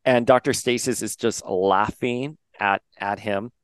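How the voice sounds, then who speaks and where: A man's voice: fairly low pitch, fairly even intonation, unhurried, clear, resonant tone, no room sound. A man hosting a podcast, casually recapping a comic story and paraphrasing the characters' lines in a chatty way. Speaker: podcast host.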